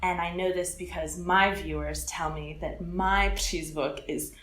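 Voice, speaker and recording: A woman's voice: on the low side, steady tone, measured pace, fairly bright tone, echoey room, low-quality recording. A woman from California with an American accent, chatting expressively and laughing often as an interview guest. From California, USA. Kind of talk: casual interview chat.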